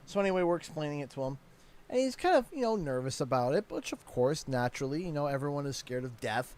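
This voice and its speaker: Animated Canadian man telling stories. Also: fairly high pitch, quick pace. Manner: animated storyteller who laughs often. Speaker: gaming YouTuber. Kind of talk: casual chat while playing a game.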